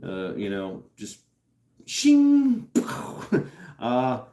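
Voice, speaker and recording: A man's voice: medium pitch, huge pitch swings, drawn-out words, dark tone, slight background noise. A man hosting a casual livestream, reading out chat and rambling with laughs, swears and lots of fillers. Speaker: host reading live chat. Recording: roomy echo.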